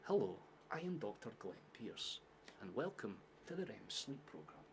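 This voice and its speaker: A Scottish man imitating a calm Scottish doctor who narrates a video game. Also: lowish voice, normal speed, gravelly, slight background noise. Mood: soothing.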